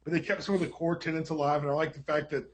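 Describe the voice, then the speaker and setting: A man co-hosting a casual TV recap podcast, enthusiastic and quick with his reactions. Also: a little high, steady tone. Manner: fast, enthusiastic, quick interjections. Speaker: podcast co-host.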